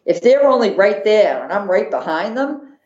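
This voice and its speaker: A woman with a Boston accent, a podcast guest telling a lively story and acting out her own thoughts. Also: mid-range voice, normal speed. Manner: animated, acts out her own inner thoughts. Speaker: podcast guest, marathon runner. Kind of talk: casual storytelling. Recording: roomy, dull lo-fi sound.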